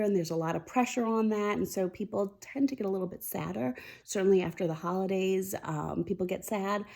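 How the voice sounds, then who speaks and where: A woman's voice: mid-range voice, warm tone. A woman hosting a weekly mindfulness talk, speaking candidly and confidingly in a casual heartfelt chat to camera. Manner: candid, confiding, speaking openly about feelings.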